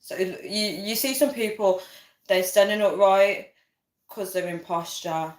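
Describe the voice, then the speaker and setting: A young woman chats casually on a livestream, giggling and reading viewer comments aloud. Her voice sits at a middle pitch for a woman. It is recorded on a webcam mic in an echoey indoor room. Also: a little slow. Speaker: livestream host. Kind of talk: casual live chat.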